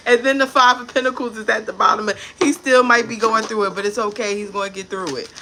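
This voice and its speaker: A woman's voice: on the high side, brisk, pushed and bright, slight background noise. A woman giving a casual tarot reading to camera, blunt and profane, with chatty asides about people she has met. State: pregnant. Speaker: tarot reader.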